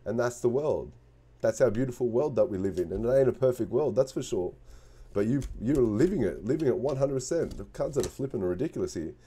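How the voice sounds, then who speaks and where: A man's voice: medium pitch, expressive, brisk, dark tone, slightly rough. A man giving a casual spoken tarot reading, earnest and encouraging, repeating himself and restarting phrases. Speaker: tarot reader.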